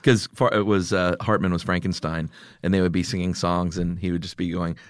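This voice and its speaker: Middle-aged guy hosting a chatty podcast, lowish voice, dry close mic, laughs a lot. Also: fairly even intonation, brisk, dry recording. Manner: laughs often, reads listener picks aloud. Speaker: podcast host. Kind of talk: casual chat.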